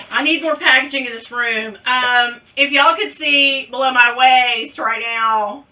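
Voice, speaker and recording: A woman's voice: sits high, pushed and bright, recorded from a distance. A middle-aged woman, chatting playfully to viewers while unboxing a handbag. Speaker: unboxing vlogger. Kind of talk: casual chat.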